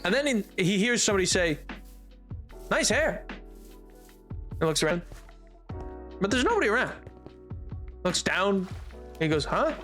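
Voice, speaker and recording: A man's voice: high voice, expressive, normal speed, long pauses, fairly bright tone, faint music behind. A male streamer chatting casually on a live stream, rambling, stumbling over his words and breaking into giggles.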